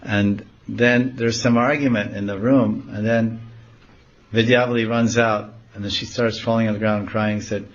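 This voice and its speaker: A man giving a devotional talk, telling a sacred story and explaining scripture in an animated way. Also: fairly low pitch, normal speed, highs cut off. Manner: animated, acting out dialogue. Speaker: monk teaching scripture.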